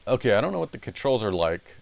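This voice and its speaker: A man's voice: mid-range voice, sing-song, fast talker, creaky, no room sound, faint music behind. A man live-streaming retro games, chatting casually and rambling as he plays at home. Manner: rambling, self-correcting.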